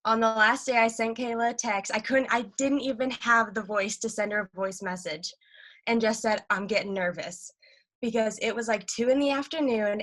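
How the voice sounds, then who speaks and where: A woman talking eagerly and quickly about selling, in a casual video-call chat. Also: mid-range voice. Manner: excited, rapid, gushing. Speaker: team member sharing sales tips.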